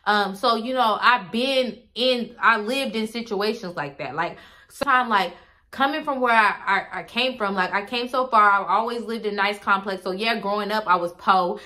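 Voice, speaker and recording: A young woman tells a story to her viewers in a bright, clear voice. She is animated and casual, swears freely, and often breaks off with asides to the audience. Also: mid-range voice, moderate pace. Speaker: vlogger telling a story.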